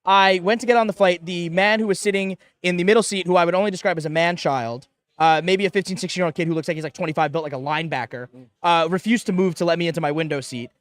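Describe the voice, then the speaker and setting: A man's voice: sits high, fast talker, dry recording. Man telling a comic travel story. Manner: animated, comic anecdote with quoted asides and laughter. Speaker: panel guest. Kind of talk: casual storytelling on a live panel show.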